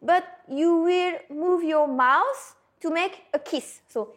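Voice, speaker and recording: Woman, high-pitched, very slow, patient pronunciation teacher. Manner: slow, patient, checks in with "hmm?". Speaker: French teacher. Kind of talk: pronunciation lesson.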